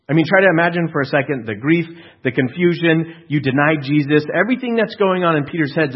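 Earnest preaching man, husky voice. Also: fairly high pitch, lo-fi sound. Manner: earnest, emphatic with frequent restarts and rhetorical questions. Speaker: pastor. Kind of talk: sermon.

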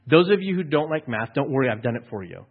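A man preaching a conversational sermon to a congregation. He acts out the people in the story, sometimes dropping to a hushed aside. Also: medium pitch, sing-song, fast, breathy edge, phone-quality sound. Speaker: pastor.

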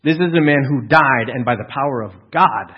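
Male pastor mid-sermon, emphatic, slightly raspy, muffled lo-fi sound. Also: medium pitch, moderate pace. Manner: earnest, emphatic with frequent restarts and rhetorical questions.

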